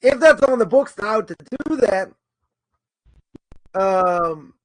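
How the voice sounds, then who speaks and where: High-voiced man lecturing informally. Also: animated, slow pace, no room sound. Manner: thinking aloud, argues both sides, many repetitions and "right?". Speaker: Torah course teacher. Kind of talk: informal lecture answering a question.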